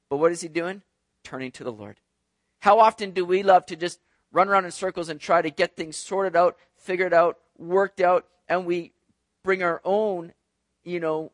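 A man's voice: high-pitched, fairly bright tone, dry recording. A male pastor preaching a conversational sermon, asking the congregation questions as he goes. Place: church sanctuary.

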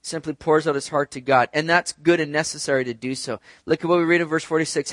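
A man preaching a sermon in an animated way, swinging between loud and soft, and speaking directly to his congregation. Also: on the high side, fast, hardly any pauses, dry recording. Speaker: pastor.

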